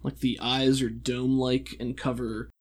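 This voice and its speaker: Relaxed man narrating a tabletop game. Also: medium pitch, unhurried, crowd noise. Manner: descriptive, relaxed, many fillers. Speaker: game master.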